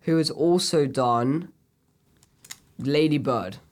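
Casting note: chatty male co-host, excitable film talk, loose and filler-heavy. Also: on the high side, slow. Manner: enthusiastic, rambling with many fillers. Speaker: podcast co-host. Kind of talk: casual film review chat.

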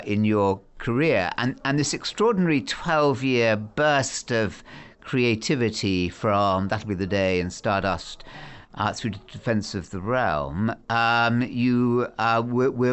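A man interviewing a guest, asking long questions with hesitant pauses and fillers. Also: fairly low pitch, a bit bright, smooth.

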